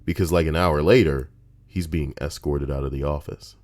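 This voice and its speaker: A man reading out Reddit posts on a livestream, rambling and profane in a casual, animated way. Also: a bass voice, moderate pace.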